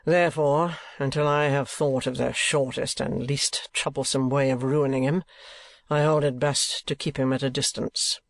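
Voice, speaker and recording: A man's voice: medium pitch, steady tone, moderate pace, no room sound, close to an everyday voice. A man voicing a cold, scheming older moneylender who speaks curtly and presses his points with emphasis.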